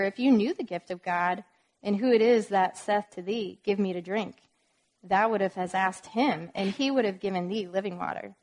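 A woman's voice: medium pitch, a little mellow. A woman giving an informal Bible teaching, reading verses aloud with emphasis and explaining them with casual, conversational asides. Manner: reads scripture aloud with emphasis.

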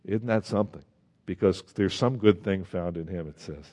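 A man preaching a sermon as pastor, animated and asking his listeners rhetorical questions while reading scripture aloud. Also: deep voice, normal speed. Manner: reads scripture aloud in old-fashioned wording. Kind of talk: sermon Bible teaching.

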